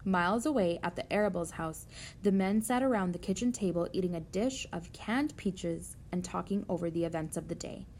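A woman reading a children's novel aloud in a steady, gentle way. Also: lowish voice, fairly quick, slight background noise. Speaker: narrator.

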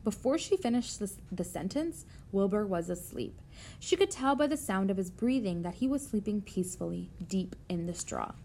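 A woman reading a children's novel aloud in a steady, gentle way. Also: mid-range voice, moderate pace, a little hiss or hum. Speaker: narrator.

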